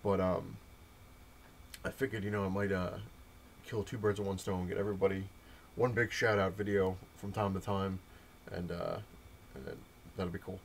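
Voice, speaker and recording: A man's voice: deep voice, level tone, moderate pace, long pauses, slight background noise. A young man rambling through a casual comic-collecting update, full of fillers and quoted exchanges. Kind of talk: casual update rant to camera.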